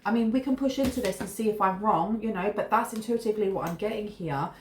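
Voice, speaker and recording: A woman's voice: medium pitch, quick pace. A woman giving a casual, rambling tarot reading, often restarting her words. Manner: chatty, rambling, restarts mid-word. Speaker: tarot reader. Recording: echoey room with faint noise.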